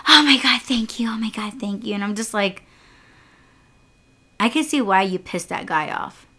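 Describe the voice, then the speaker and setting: A young woman who hosts a podcast and drives rideshare casually recounts a maddening ride, candid, exasperated and cursing freely. Her voice is medium-pitched and slightly bright.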